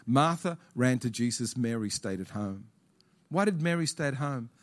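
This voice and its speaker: A man's voice: mid-range voice, animated, moderate pace. A male pastor preaching a sermon in an auditorium, repeating key phrases and putting questions to the congregation.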